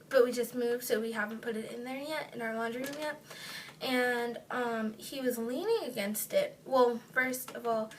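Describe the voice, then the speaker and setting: A young woman with a high voice tells a story casually from a chair at home, wandering through it with plenty of fillers. She sits back from the camera, so her voice sounds a little distant. A faint hiss runs under the recording. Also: fairly bright tone. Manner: rambling, filler-heavy retelling. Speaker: vlogger. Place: indoors at home, seated on a chair.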